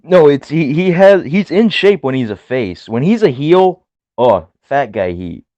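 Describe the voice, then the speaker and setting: A young man co-hosting a podcast, talking in an animated, emphatic way in casual chat. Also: on the high side, normal speed, no echo, muffled recording. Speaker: podcast co-host.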